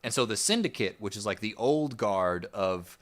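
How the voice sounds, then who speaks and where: A man co-hosting a history podcast, recounting events in a relaxed, rambling way with plenty of "like" and "I guess". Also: on the low side, moderate pace. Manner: relaxed, rambling storyteller with fillers. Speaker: podcast co-host. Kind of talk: casual history podcast narration.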